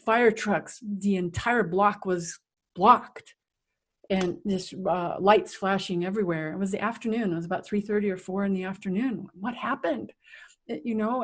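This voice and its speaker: In an interview, a middle-aged resilience coach tells a personal story vividly and animatedly, acting out the scenes. Her voice is medium in pitch with a breathy edge.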